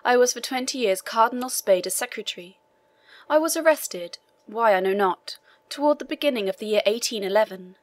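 A woman's voice: a little high, lively intonation, brisk, natural voice. A woman voicing an elderly imprisoned priest, earnest and persistent, in an audiobook reading. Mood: pleading. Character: elderly imprisoned male Italian priest, eager, learned.

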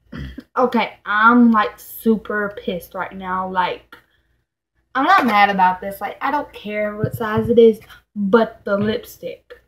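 A woman's voice: mid-range voice, low-quality recording. Exasperated young woman ranting while unboxing. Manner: exasperated, repeats "like", swears. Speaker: vlogger. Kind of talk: casual unboxing vlog. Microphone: camera mic at a distance.

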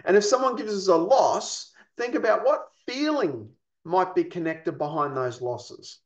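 A man's voice: high-pitched, expressive, a little slow. A man giving a recorded training lesson on pastoral care, explaining patiently and asking rhetorical questions. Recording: echoey, dull lo-fi.

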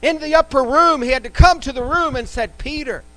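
High-voiced emphatic preacher man. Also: fairly quick, sharp tone, no echo, poor audio. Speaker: pastor. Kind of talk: live church sermon. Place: church sanctuary.

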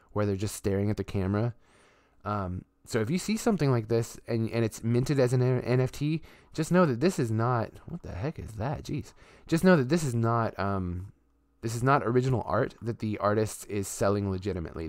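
A man's voice: mid-range voice, a little mellow, no room sound, clean studio sound. A man streaming live and chatting casually as he shows things on screen. He rambles with lots of fillers and restarts and swears offhandedly. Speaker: streamer and artist.

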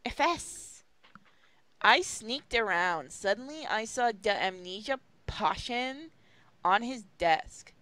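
Woman, stream host, comedic reading, lively swooping voice, constant giggles and swearing. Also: on the high side, takes it slowly, dry recording. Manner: giggly, swears a lot, breaks off to joke. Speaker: host reading a fan fiction aloud.

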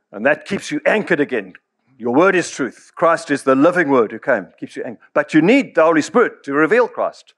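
Brief: male pastor, middle-aged, slightly higher voice, lively storytelling sermon delivery. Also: moderate pace. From South Africa. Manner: storytelling, acts out quoted voices, chuckles often.

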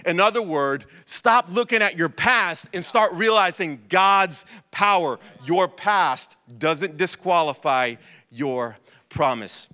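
A man in his thirties preaching a passionate sermon, shifting between urgent preaching and quiet storytelling. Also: high voice, lively intonation, slow pace. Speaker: pastor. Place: church hall. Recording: long church reverb.

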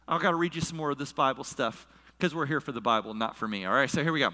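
A man's voice: a little high, lively intonation, fast, sharp tone. Storytelling male pastor in a reverberant hall. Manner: storytelling, acts out quoted voices. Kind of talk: sermon. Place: large church hall. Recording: long reverb of a large hall.

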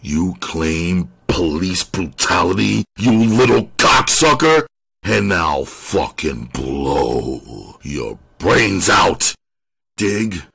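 A hulking police detective with a short fuse, threatening in a low husky growl, as a male audiobook reader puts him on. He drawls his threats slowly, from a deep chest. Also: big pitch swings, sharp tone, dry recording, exaggerated voice. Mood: raging. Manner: low threatening tone bursting into rage.

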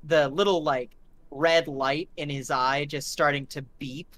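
A man's voice: fairly high pitch, fairly even intonation, unhurried, a bit bright. Man running a tabletop game, gory narration. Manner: vivid, gory scene-setting with many fillers. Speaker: game master.

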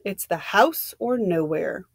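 A woman's voice: mid-range voice, expressive, takes it slowly, breathy edge, no echo, heavily acted. A woman reading aloud the part of a dry, cynical adventurous man from a novel, in a dry, close sound. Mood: cool.

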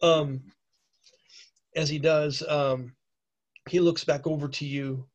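A man running a tabletop game as its narrator. He describes the scene casually, halting and restarting with plenty of fillers. His voice sits a touch higher than most men's. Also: flat delivery, dull audio. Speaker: game master.

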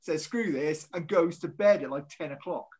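A man who referees rugby, telling lively anecdotes in casual chat, acting out quotes. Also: a little high, a little fast, husky. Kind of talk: casual storytelling.

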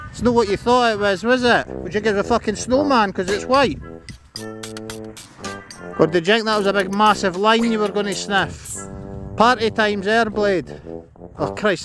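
A man's voice: sits high, a little slow, long pauses, over music. A Scottish man chatting on a live stream while walking his dog outdoors, joking, swearing and snapping commands at the dog. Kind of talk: casual live-stream chat. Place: outdoors in a park and by roads.

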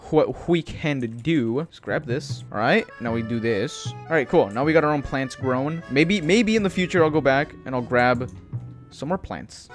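A man giving jittery let's-play commentary, swearing often and calling everyone dude and bro. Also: fairly high pitch. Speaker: gaming channel host.

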